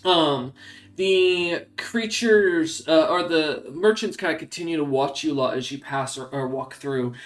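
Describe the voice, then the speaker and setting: Man, game master, halting narration, fillers, fairly high voice. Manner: halting, many ums and uhs.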